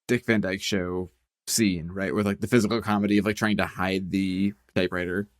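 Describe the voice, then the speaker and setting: A man's voice: low voice, fairly even intonation, fairly quick. A man co-hosting a podcast in casual chat, musing aloud and swearing casually. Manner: swears casually, muses with many "like" fillers. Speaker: podcast co-host.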